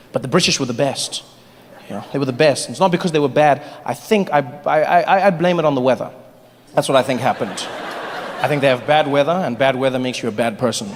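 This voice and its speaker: A man performing stand-up comedy, telling animated stories in a large venue. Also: medium pitch. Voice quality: animated, storytelling. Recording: long hall reverb, faint noise.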